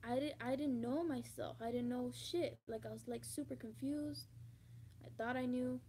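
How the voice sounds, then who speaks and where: High-voiced young woman, rambling confessional vlog. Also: moderate pace, a little hiss or hum. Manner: rambling, swears freely, bursts into loud emphatic repetition. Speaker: vlogger.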